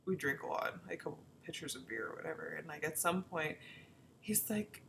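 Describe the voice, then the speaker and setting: Chatty, frank woman with a slightly low voice. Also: brisk, gravelly, noisy background. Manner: chatty, frank, peppered with fillers and swearing; animated, acts out quoted lines. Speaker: romance author. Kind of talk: casual storytelling vlog.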